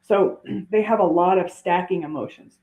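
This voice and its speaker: A woman's voice: on the low side, normal speed, darkish tone, soft background music. A woman guest on a podcast interview, explaining earnestly and often restarting her phrases. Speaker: guest author and coach. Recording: tinny phone-like line in an echoey room.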